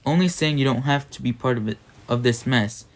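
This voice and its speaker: A man voicing a scrappy, loyal poor city boy, coaxing in quick street slang. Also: mid-range voice, lightly acted.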